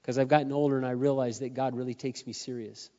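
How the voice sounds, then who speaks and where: A middle-aged man preaching a sermon, earnest and confessional, swinging between quiet admissions and loud emphatic peaks, his voice wearing hoarse. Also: mid-range voice, flat delivery, fast. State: losing his voice. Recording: muffled sound in a reverberant hall.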